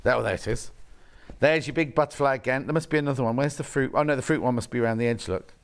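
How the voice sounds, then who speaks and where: Talking fast in a mid-range voice, a man hosts a live shopping-channel demo in a TV studio. He points out every fabric and reads viewers' messages in a chatty way.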